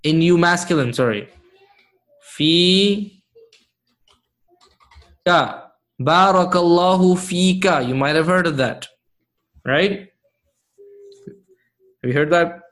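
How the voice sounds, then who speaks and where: A man's voice: fairly high pitch, takes it slowly, pauses often, fairly bright tone. A man teaching Arabic grammar to a live class, patient, often checking whether students follow.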